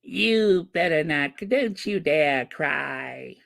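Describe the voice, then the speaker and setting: A commentator doing an impression of a well-known woman, stern and commanding, drawing out reproachful orders slowly. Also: medium pitch, expressive, vocal fry, fairly bright tone, heavily acted. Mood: scolding. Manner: slow, drawn-out, reproachful commands. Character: scolding woman, a public figure, stern and commanding.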